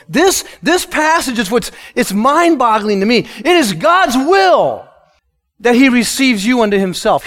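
Pastor, Midwestern man, high-pitched, emotional sermon delivery with sudden hushed moments. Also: big pitch swings, unhurried. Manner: emotional, swings from loud emphatic lines to hushed soft ones. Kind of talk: sermon with a personal testimony.

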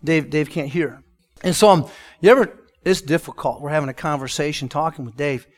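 Pastor, Midwestern man, high-pitched, emotional sermon delivery with sudden hushed moments. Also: brisk. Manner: emotional, swings from loud emphatic lines to hushed soft ones. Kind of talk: sermon with a personal testimony.

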